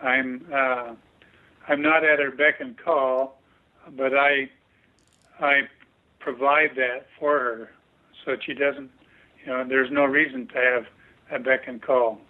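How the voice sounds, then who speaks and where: A man guest, a chiropractor, speaking haltingly in an interview with many pauses and restarts. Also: medium pitch, level tone. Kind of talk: casual interview chat. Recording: tinny phone line.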